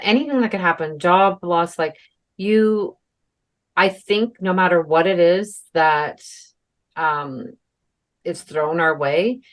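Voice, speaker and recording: A young adult woman co-hosting a podcast, telling a story in a casual, chatty way with lots of fillers and the odd swear. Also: fairly low pitch. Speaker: podcast co-host. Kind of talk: casual chat.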